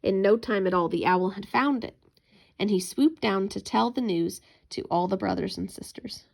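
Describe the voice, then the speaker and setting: A woman reading a children's bedtime story aloud in a gentle, expressive storytelling manner. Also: medium pitch, moderate pace, gravelly.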